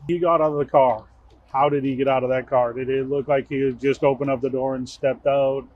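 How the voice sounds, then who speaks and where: A man, an investigator, outdoors asking quick, practical follow-up questions. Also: medium pitch, flat delivery, phone-quality sound. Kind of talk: questioning a witness. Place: outdoors at a roadside scene.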